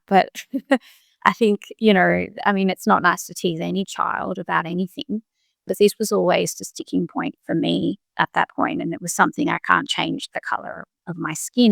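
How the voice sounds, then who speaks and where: A woman's voice: fairly low pitch, creaky, fairly bright tone, dry recording, clean studio sound. A middle-aged woman, a doctor, speaking reflectively in an interview in short, restarting phrases. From Australia. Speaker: guest, doctor. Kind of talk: interview conversation.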